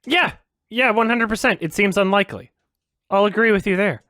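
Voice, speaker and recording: In brisk ranting commentary for a reaction video, a man swears in exasperation, alternating between loud outbursts and quiet sarcastic mutters. The recording has no echo.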